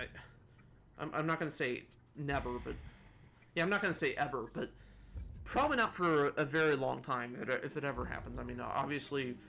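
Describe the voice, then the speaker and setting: A man's voice: a little high, fairly bright tone. Rambling man chatting about games. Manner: rambling, many restarts and asides, chuckles at own jokes. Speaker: gaming video host. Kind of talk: rambling casual commentary.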